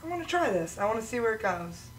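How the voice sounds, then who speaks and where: Woman co-host, chatty, high and bright voice, distant from the mic. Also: sing-song, fast talker, slight background noise. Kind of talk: casual talk-show chat.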